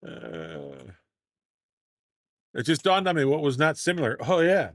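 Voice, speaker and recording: A man's voice: fairly high pitch, wildly swooping pitch, measured pace, dry recording, studio quality. A man streaming a game live, commenting in a playful, jokey, self-mocking way.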